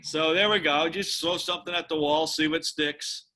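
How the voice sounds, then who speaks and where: A middle-aged man from the United States tells long stories from his music career with a very bright, forceful tone. His voice sits a touch high for a man. He gets animated and acts out the other people in his stories. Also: moderate pace. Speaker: musician and drummer. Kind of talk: storytelling interview.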